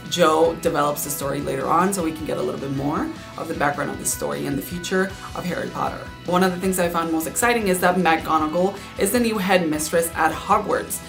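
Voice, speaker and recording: A woman's voice: low-pitched, gravelly. A young woman with a Cuban accent, hosting a casual book review vlog and chatting eagerly to her viewers. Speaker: book reviewer, channel host.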